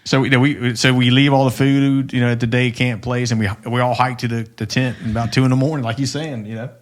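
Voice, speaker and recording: A man's voice: medium pitch, flat delivery, fast. Rambling profane man telling stories. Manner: rambling, profane, frequent restarts. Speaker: podcast co-host. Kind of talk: casual storytelling chat.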